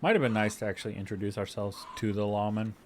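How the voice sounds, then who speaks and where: A man's voice: fairly low pitch, steady tone, fast talker. A man streaming a roleplay game, chatting to himself casually while practicing a put-on accent. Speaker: streamer playing a roleplay character. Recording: noisy game audio with farm animals. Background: farmyard ambience with chickens and roosters.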